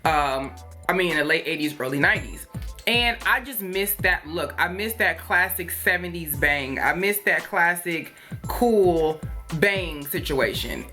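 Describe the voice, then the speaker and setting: Bright, chatty woman vlogger. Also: fairly low pitch, animated, a little slow. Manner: chatty and rambling, with many fillers and asides; playful, jokes and laughs. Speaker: hair review vlogger. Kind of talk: casual product review chat. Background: faint music.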